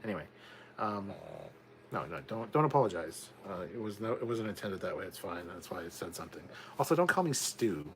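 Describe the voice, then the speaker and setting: A man's voice: sits low, sing-song, a little fast, slight background noise. A man hosting a casual livestream, reading viewer comments aloud and rambling on in chatty asides, swearing now and then. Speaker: livestream host reading chat.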